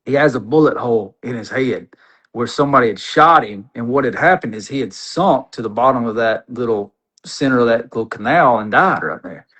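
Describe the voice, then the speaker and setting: A man's voice: medium pitch, fairly quick, breathy edge, low-quality recording. Folksy man telling a story. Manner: animated, rambling, folksy. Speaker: podcast guest. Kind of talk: casual storytelling.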